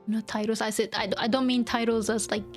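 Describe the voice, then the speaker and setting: A woman's voice: fairly high pitch, flat delivery, quick pace, soft background music. A woman teaching a language while streaming a video game, thinking aloud and explaining step by step with lots of fillers. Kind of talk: live-streamed gaming lesson.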